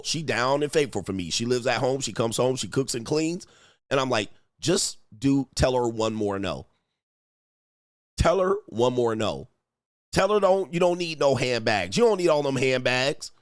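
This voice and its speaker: A man giving casual relationship commentary, reading comments aloud and reacting to them. His voice sits at a middle pitch, recorded close and dry. He talks in slang and jumps into mocking put-on voices. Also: no room sound. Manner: animated, slangy, mocks others in put-on voices.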